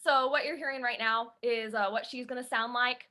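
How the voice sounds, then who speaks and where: A woman's voice: fairly high pitch, steady tone, moderate pace, sharp tone. A young woman audiobook narrator chatting casually in an interview, giggly and full of fillers.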